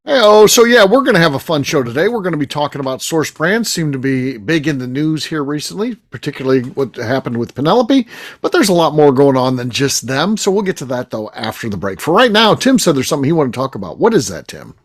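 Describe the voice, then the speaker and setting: A man co-hosts a casual podcast roundtable. His pitch moves a lot, and his delivery is upbeat and loose, full of fillers. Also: sing-song, fast, no room sound, studio quality. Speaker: podcast co-host.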